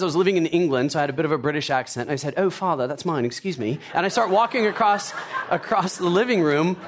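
A middle-aged man preaching a sermon, telling personal stories with jokey asides in an animated way. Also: high-pitched, a little hiss or hum. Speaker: pastor.

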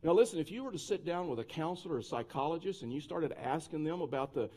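Male pastor, mid-high voice, casual conversational sermon delivery with restarts. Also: animated, fast talker, warm tone. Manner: conversational preaching with frequent restarts.

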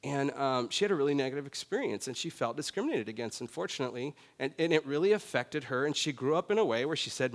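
A man preaching a sermon in a relaxed, conversational way, often checking in with "right?". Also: mid-range voice, fast talker, few pauses. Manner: conversational, self-deprecating, often says "right?". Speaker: pastor. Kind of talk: sermon with personal story. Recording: long reverb of a large hall.

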